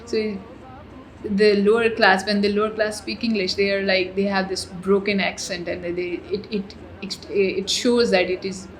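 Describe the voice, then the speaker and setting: A young woman from Pakistan, a university student in a documentary interview who speaks in a measured way and repeats words as she builds her point. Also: mid-range voice, flat delivery, low-quality recording.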